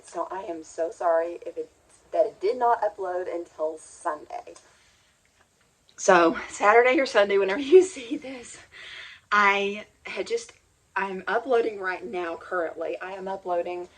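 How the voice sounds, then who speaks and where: A woman's voice: mid-range voice, rough recording. A woman chatting casually as a homeschooling mom vlogger, rambling and heartfelt. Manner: rambling and chatty, with many restarts and "like"; heartfelt, near tears. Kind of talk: casual sit-down chat.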